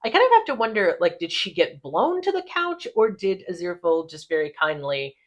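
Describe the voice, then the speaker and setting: A woman hosting a casual recap chat, animated and profane, laughing often. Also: lowish voice, brisk, muffled recording. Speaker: podcast host.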